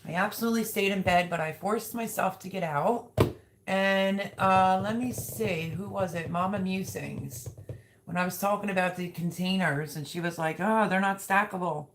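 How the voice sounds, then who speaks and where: A woman's voice: lowish voice, normal speed, background noise. A woman hosting a casual livestream, chatty and gushing as she reads out viewer comments. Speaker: livestream host.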